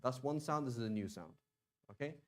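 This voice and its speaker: A man teaching a language class in a relaxed, chatty way, often stopping to sound out words slowly and restarting sentences. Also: medium pitch. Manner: casual, conversational, with many fillers and restarts. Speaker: Arabic teacher. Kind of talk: classroom lesson.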